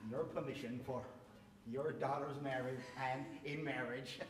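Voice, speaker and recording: A performer voicing a bashful young American ex-soldier with an American accent who giggles nervously. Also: male voice, mid-range voice, steady tone, measured pace, roomy sound, distant mic, very noisy, natural voice.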